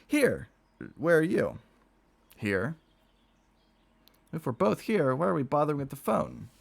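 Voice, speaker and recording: A man reading aloud, voicing an erratic, volatile young man who turns excitable and shrill. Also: measured pace, gravelly, exaggerated voice. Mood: teasing. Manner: shrill, excitable, bursts into shouting.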